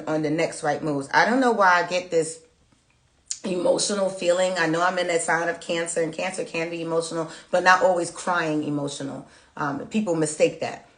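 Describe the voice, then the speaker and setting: A chatty woman reads tarot live and talks in an emotional, prayerful manner. Her voice sits fairly low. It rings in a roomy space with clear echo. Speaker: tarot reader. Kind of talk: live tarot reading with chat replies.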